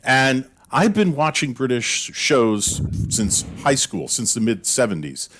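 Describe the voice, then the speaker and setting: A man's voice: mid-range voice, big pitch swings, fairly bright tone, slight background noise. An older man talks casually with friends on a podcast panel. He rambles through his points and often breaks into laughter. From United States. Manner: chatty, rambling, quick to laugh. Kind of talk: casual group chat.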